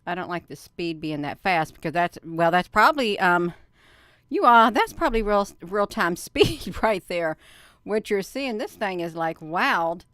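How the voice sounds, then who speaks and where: Chatty woman host, smooth voice. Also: on the low side, animated, a little slow, fairly bright tone, dry recording, clean studio sound. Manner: chatty, laughs often, many ums and filler; says "you all" instead of "y'all". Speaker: channel host. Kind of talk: casual live-stream chat.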